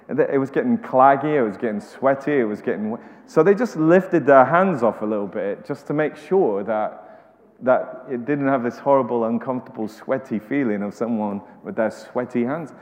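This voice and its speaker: A man's voice: mid-range voice, darkish tone. Man preaching in an echoey hall. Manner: conversational, frequent restarts and repeated words. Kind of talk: sermon. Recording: echoey hall, slightly dull sound.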